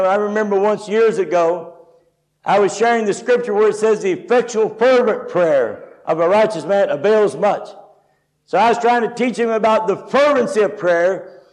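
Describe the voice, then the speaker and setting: A male preacher at a conference telling folksy stories in a sermon, with loud and soft turns. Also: high-pitched. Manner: folksy storytelling, varied loudness. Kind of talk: storytelling sermon.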